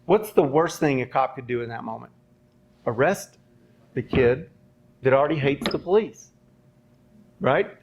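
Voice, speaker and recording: A man's voice: mid-range voice, measured pace, pauses often, husky. A man who trained police recruits, telling a long story at a live university panel, with lots of ums and "right?" checks. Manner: rambling, many ums and rhetorical "right?". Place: university event space. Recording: dull lo-fi sound.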